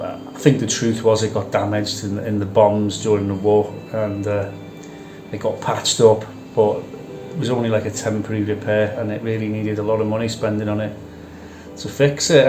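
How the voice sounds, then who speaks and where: A man's voice: on the low side, little pitch movement, moderate pace, background noise. A man hosting a vlog who talks in a casual, conversational way and repeats phrases for emphasis. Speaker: vlog host. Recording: echoey room with music behind.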